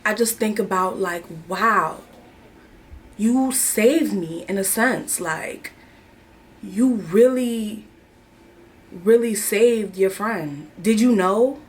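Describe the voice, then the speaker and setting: A woman's voice: medium pitch, very slow, pauses often. Young woman, twenties, casual confessional vlog, slangy, emotional, candid. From New York. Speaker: vlogger.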